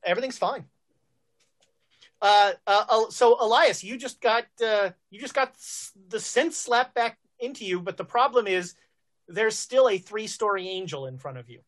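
A woman's voice: medium pitch, animated, normal speed. A woman narrating as game master of a tabletop game, loose and chatty, with frequent fillers and restarts. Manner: loose and chatty, many fillers and self-corrections.

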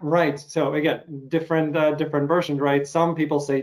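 Rambling man interviewer, slightly high. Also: level tone, a little fast, hardly any pauses. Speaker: interviewer and actor. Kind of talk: casual interview talk.

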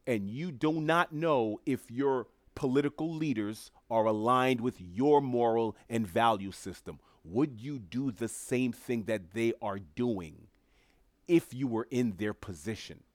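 A man's voice: medium pitch, unhurried, no echo, clean studio sound. A man giving opinionated solo commentary as a podcast host, emphatic and sarcastic, repeating his phrases for effect.

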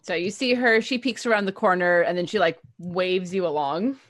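Lady game master on a stream, lowish voice, laid-back room descriptions. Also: normal speed, a bit bright. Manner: descriptive, laughs easily. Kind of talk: narrating a tabletop game on a stream.

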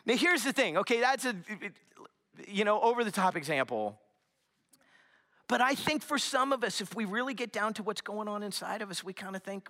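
A young man preaching a sermon, telling a story in an animated, chatty way with lots of fillers. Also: high voice, normal speed. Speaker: pastor.

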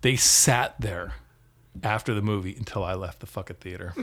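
A man in casual chat, cursing constantly and telling heated, animated stories. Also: on the low side, moderate pace. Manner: profane, heated storytelling.

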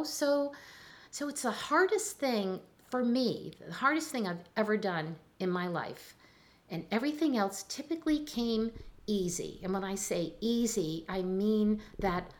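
An older woman, a chiropractor, talking in a relaxed interview and telling stories with lively acted-out voices. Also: medium pitch. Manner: animated storyteller, acts out voices in anecdotes. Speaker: chiropractor guest. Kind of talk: conversational interview.

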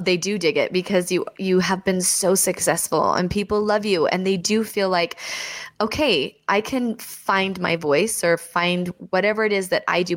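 A woman's voice: mid-range voice, no room sound. A woman in her thirties hosting an interview, upbeat and chatty with frequent restarts. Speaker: host. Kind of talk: casual interview chat.

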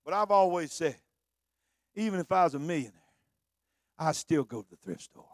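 A man preaching a sermon, swinging from low conversational talk to shouted, sung preaching. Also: moderate pace, dry recording, clean studio sound.

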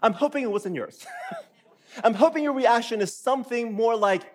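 A man preaching a sermon as a pastor in a church, animated and playful, acting out his listeners' reactions. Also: very high-pitched, moderate pace. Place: church auditorium.

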